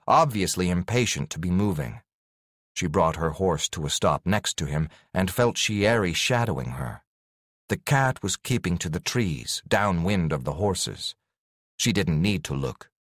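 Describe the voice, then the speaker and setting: A man narrating a fantasy audiobook in an expressive storytelling manner. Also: sits low, no echo, studio quality. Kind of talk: scripted narration.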